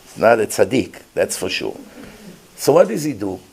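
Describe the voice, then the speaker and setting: A man's voice: lowish voice, very animated, moderate pace, creaky, a little mellow, slightly rough. A man giving an informal talk as a rabbi, earnest and emphatic, with grammar. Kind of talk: informal lecture.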